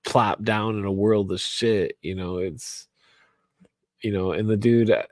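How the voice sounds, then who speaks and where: A tipsy man rambles through a late-night talk radio monologue, profane and repetitive, circling back to the same points again and again. His voice is on the low side, fairly even in intonation, a little slow and darkish, with no room sound.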